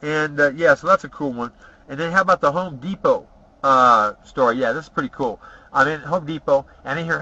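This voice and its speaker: Brash, profane man with a sharp voice. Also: fairly high pitch, moderate pace. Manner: profane, boastful, tags lines with "okay?". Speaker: storyteller. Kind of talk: rambling personal stories. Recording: dull lo-fi recording.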